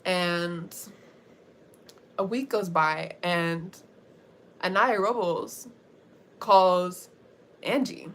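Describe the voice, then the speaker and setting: Young woman, livestreamer, slow easygoing delivery, slangy storytelling, faint ambient hiss. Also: on the low side, fairly bright tone. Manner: chatty and slangy, laughs often while telling the story. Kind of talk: casual storytelling recap.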